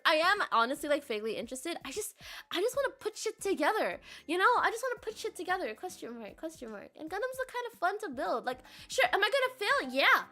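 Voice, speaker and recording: A woman chatting casually on a stream, reading out chat and rambling with lots of filler words, sometimes breaking into laughing shouts. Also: very high-pitched.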